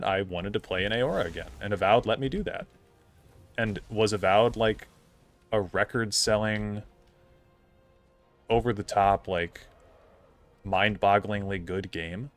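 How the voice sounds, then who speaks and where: A young man streaming a game, chatting casually in a rambling, opinionated way full of fillers. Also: fairly low pitch. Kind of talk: casual gameplay commentary.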